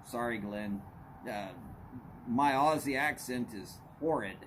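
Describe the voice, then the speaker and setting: A man's voice: mid-range voice, slow pace, fairly bright tone, a little hiss or hum. A man hosting a casual livestream, chatting with viewers and greeting them by name. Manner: greets viewers by name, folksy drawl, y'all. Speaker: livestream host.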